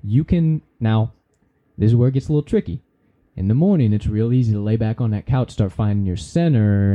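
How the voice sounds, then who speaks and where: A man's voice: fairly low pitch, fairly quick, mellow. A man hosting a podcast, giving a casual, preachy motivational talk with folksy slang and the odd swear word. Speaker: podcast host.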